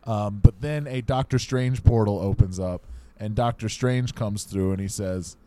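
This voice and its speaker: A man's voice: fairly low pitch, measured pace, warm tone. A man co-hosting a casual comedy podcast, rambling through absurd made-up movie plots with many ums and asides. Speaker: podcast co-host; teacher.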